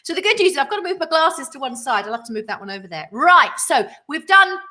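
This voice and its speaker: A woman's voice: high voice, very animated, fast, pushed and bright. A woman co-hosting a cocktail livestream, chatting in a bubbly, rambling, self-mocking way as she mixes drinks. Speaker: co-host of a gin cocktail livestream. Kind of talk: casual chat while mixing cocktails.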